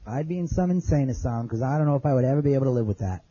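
A man's voice: mid-range voice, animated, rapid-fire, dark tone, husky, dull audio. A man telling an audience his survival story in plain, earnest words, repeating phrases as he remembers. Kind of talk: spoken testimony to an audience.

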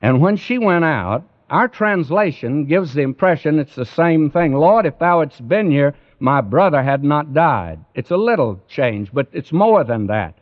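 A man delivers a Bible sermon at an unhurried, deliberate pace, pleading earnestly with his listeners. His voice swells up in emphasis again and again. The sound is muffled and lo-fi, like an old radio broadcast. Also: fairly high pitch, expressive. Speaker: preacher. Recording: dull lo-fi radio recording.

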